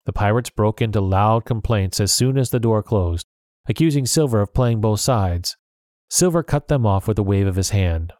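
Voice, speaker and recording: A man narrating a storybook chapter in an even telling voice. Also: lowish voice, moderate pace, no echo, clean studio sound. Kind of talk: audiobook narration.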